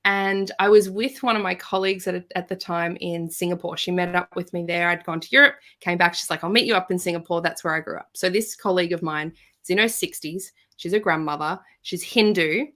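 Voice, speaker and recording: A woman guest on a podcast, telling a personal story in a casual, animated way and acting out the quoted voices. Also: fairly low pitch, a little fast, hardly any pauses.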